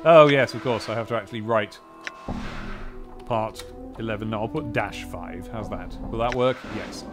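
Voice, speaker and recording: A man's voice: fairly low pitch, normal speed, over music. A man casually commenting as he plays a computer role-playing game, chatty and self-mocking. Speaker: game let's-player.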